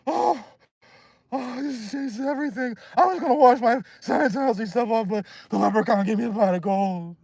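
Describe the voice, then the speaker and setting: A man's voice: normal speed, vocal fry, darkish tone, husky, dry recording, exaggerated voice. A man mocking a rival by putting on a melodramatic, whiny grown man who fake-cries and gushes. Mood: mock sobbing. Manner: high, sobbing, gushing exclamations.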